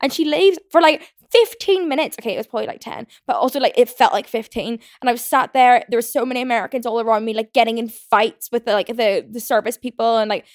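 A young woman hosting a podcast, telling a story in a fast, chatty rant full of swearing and fillers. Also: on the high side, dry recording, studio quality. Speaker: podcast host. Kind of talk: casual solo rant.

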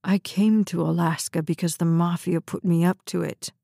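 A woman reading the part of a bitter, injured young man in a hospital bed, with a gravelly, curt voice. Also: lowish voice, steady tone, moderate pace, warm tone, no echo, clean studio sound. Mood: harsh.

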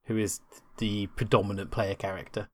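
A man's voice: on the low side, little pitch movement, moderate pace, no echo. A man co-hosting a casual podcast, enthusiastic and rambling, often restarting his sentences. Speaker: podcast co-host.

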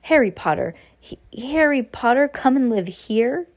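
A woman's voice: high voice, lively intonation, a little slow, darkish tone, voice pushed up, full character voice. A woman voicing a stern, anxious older witch professor who protests fretfully. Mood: indignant.

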